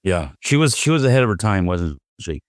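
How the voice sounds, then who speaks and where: A man's voice: fairly low pitch, big pitch swings, fairly quick, no echo, clean studio sound. A man co-hosting a podcast, chatting casually and teasing his co-host, with frequent ums and restarts. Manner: joking, teasing, many fillers and restarts. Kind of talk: casual chat.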